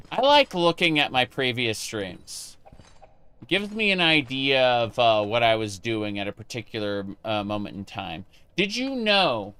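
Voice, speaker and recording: A man's voice: mid-range voice, bright, forceful tone, smooth, no room sound. A man chatting casually with his live-stream chat while playing a game, rambling with many fillers and restarts.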